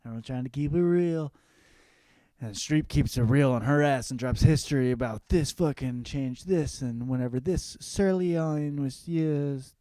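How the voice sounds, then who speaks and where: A man's voice: medium pitch, measured pace, dark tone, dry recording. A young man hosting a comedy podcast, rambling and swearing through a casual monologue about movies and TV. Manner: profane, rambling, mimics movie lines. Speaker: podcast host.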